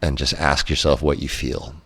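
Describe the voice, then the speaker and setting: A man hosting a podcast interview, talking slowly and reflectively, gently affirming his guest. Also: rumbling low, little pitch movement, husky, no room sound, clean studio sound. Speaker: podcast host. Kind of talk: conversational interview.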